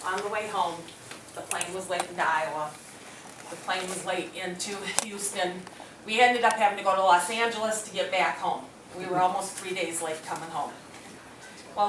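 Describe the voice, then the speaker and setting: A woman's voice: medium pitch, a little hiss or hum. Middle-aged woman telling a story, echoey room. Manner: animated, acts out quoted voices. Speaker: speaker at a hospital presentation. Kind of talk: storytelling to an audience. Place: hospital meeting room. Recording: echoey room, mic from a distance.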